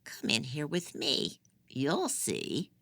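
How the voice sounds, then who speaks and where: The audiobook reader voicing a frail, unhinged old female prisoner with a raspy voice. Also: medium pitch, huge pitch swings, slow pace, sharp tone, no room sound, full character voice. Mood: secretive. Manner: menacing, then shrieking. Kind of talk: audiobook character voice.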